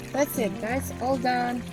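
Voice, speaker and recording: Relaxed woman cooking outdoors, background music. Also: a little high. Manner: relaxed, tags lines with "yeah?". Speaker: cooking vlog host. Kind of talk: casual cooking narration. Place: outdoors on a farm, windy. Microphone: camera mic, no external microphone.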